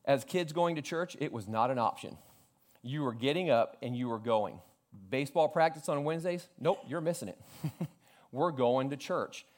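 A man in his forties from South Florida preaching a sermon, telling funny family stories and quoting his father with lively acted lines. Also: medium pitch, moderate pace. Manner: storytelling with humor, animated quoting of family. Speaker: pastor.

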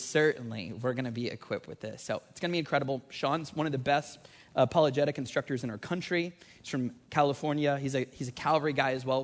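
A man in his thirties preaching a sermon with energetic, conversational emphasis that rises on key points. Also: medium pitch. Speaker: pastor.

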